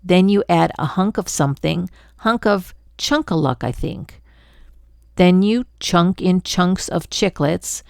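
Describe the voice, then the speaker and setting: A woman's voice: on the low side, takes it slowly, creaky, dry recording, studio quality. An older woman voicing a chatty, pushy male glunk creature in a storybook read-aloud, sweet-talking and jabbering on.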